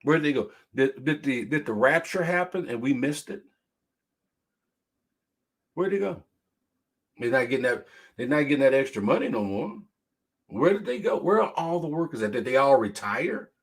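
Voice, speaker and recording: A man's voice: mid-range voice, moderate pace, long pauses. A middle-aged man hosting a casual live-stream talk show, telling stories and reading viewer comments aloud. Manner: animated storytelling, reads viewer comments aloud, laughs hard.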